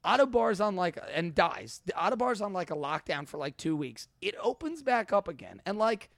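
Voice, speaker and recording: A man with a fairly high voice, chatting casually on a podcast. He teases his friend, cuts in to rush him to the punchline, and fills the gaps with loose, swearing banter, recorded close and dry. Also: very animated, moderate pace, gravelly, fairly bright tone, dry recording. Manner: teasing, jumps in to hurry the story along. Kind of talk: casual chat.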